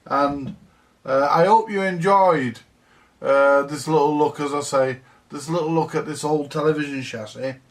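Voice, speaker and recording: Bloke rambling slow in his workshop, lots of uhs, mic a bit far off. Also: fairly high pitch. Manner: rambling, chatty, lots of fillers and swearing. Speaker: vintage audio repair vlogger. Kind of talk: casual workshop talk to camera.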